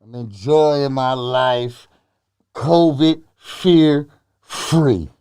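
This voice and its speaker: A man's voice: mid-range voice, sing-song, fairly quick, a little mellow, no room sound, clean studio sound. A man playing a boastful older male hustler character in an improvised comedy bit, trading insults. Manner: boastful, combative trash talk. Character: self-styled older masked male hustler, brash.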